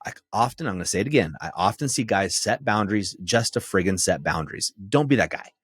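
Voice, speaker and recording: A low, husky man coaching his listeners straight into the mic. His tone is direct and firm, and his pitch moves around a lot as he makes his points. The recording is dry and close, with no room sound. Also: animated, fast talker, no room sound. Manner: direct and firm, often checks in with "right?". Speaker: podcast host and men's relationship coach. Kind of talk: coaching monologue.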